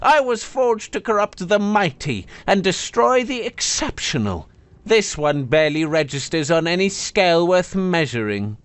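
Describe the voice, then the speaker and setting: A man puts on a spiteful talking sword for a fantasy storybook. The voice is nasal and pitched high, with a wheedling, sarcastic edge. It swoops up and down as it sneers. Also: very animated, unhurried, smooth, no room sound. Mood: scornful. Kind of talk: storybook narration.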